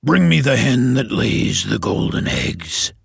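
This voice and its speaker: A huge, gruff ogre growls out his orders in a deep, slow rumble, as a man puts him on in a storybook reading. His voice is husky and sits close to the mic in a dry room, with plenty of swing in the pitch. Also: big pitch swings, dry recording, exaggerated voice. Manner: growling, demanding.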